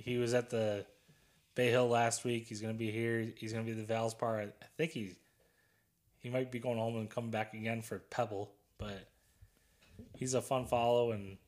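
A man with a lowish voice co-hosts a casual chat podcast. He tells rambling, easygoing stories and laughs often along the way. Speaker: podcast co-host.

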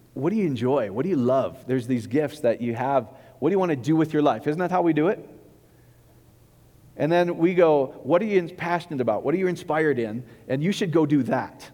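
A middle-aged male pastor preaching in a conversational, animated way, often acting out quoted voices. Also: on the high side. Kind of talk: sermon. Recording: echoey hall with long reverb.

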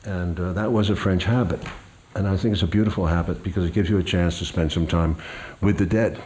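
An older man, a guest, reading from his memoir and talking in a slow, measured, hesitant way. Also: low-pitched, fairly even intonation, mellow, slight background noise.

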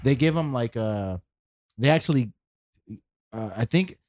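A man in his forties chatting on a podcast in a relaxed, rambling way with many fillers and repeated words. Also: mid-range voice, a little slow, no echo. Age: 40s. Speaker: podcast co-host. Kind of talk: casual chat.

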